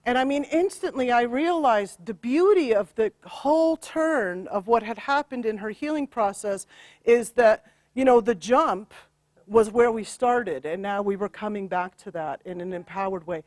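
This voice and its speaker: A woman's voice: fairly high pitch, moderate pace, a little mellow, dry recording, studio quality. A woman working as an astrologer and healer, animatedly recounting a client session with frequent laughter and acted-out quotes. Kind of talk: storytelling about a client session.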